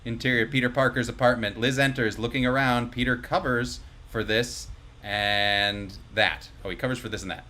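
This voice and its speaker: A man's voice: medium pitch, steady tone, moderate pace, pushed and bright. A man hosting a live comedy table read, reading stage directions with breezy asides and chuckles to the players. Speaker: host and stage-direction reader.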